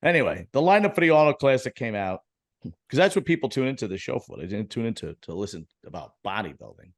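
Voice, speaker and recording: A man's voice: medium pitch, big pitch swings, fast talker. A man hosting a casual bodybuilding podcast, joking and swearing, rambling with restarts. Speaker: podcast host.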